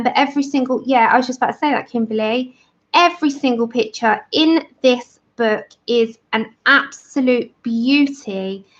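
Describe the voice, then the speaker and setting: A woman's voice: high-pitched, fairly bright tone, highs cut off. A woman hosting a colouring livestream, chatting enthusiastically and greeting viewers by name. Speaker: livestream host of a colouring channel. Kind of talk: casual livestream chat with viewers.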